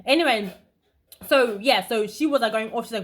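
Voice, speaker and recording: A young woman vlogger telling a story in a casual, animated way, talking fast with bursts of emphasis. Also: a little high.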